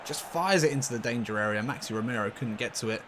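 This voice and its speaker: A man commentating casually on his own football video game match, getting loudly excited and laughing at near misses. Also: medium pitch, quick pace, noisy background. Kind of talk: casual let's-play commentary.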